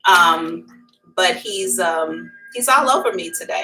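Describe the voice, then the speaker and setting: A woman's voice: lowish voice, takes it slowly, pushed and bright, faint music behind, low-quality recording. A middle-aged woman hosting a psychic livestream, chatting candidly and calling her viewers y'all. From America. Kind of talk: casual livestream chat.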